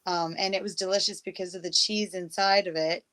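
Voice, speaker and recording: Low-voiced matter-of-fact woman. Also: steady tone, a little fast, fairly bright tone. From Canada. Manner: matter-of-fact, gives cooking tips. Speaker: guest. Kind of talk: casual chat.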